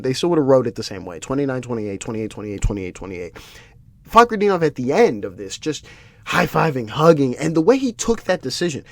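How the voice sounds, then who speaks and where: A man's voice: medium pitch, no echo. A man hosting a solo podcast, ranting with exasperation, swearing and often restarting his sentences. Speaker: podcast host. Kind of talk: solo MMA podcast commentary.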